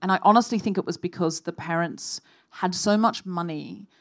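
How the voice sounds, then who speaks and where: A woman hosting a live comedy podcast, telling animated stories and acting out shouted quotes. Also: on the low side, normal speed. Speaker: podcast host. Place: live stage before an audience.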